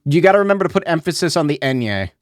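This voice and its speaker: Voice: mid-range voice, sing-song, rapid-fire, a little hiss or hum. A game streamer chatting casually, rambling, interrupting themself and swearing freely.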